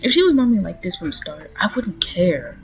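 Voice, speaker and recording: Blunt, opinionated woman with a low voice. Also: sing-song, fairly quick, slight background noise. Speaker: commentary vlogger. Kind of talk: casual reaction commentary.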